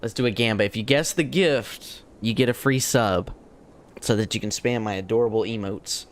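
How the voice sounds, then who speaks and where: At a moderate speed, a young adult gamer talks jokingly and casually through a live stream, his energy swinging from excited peaks to low, mumbled asides.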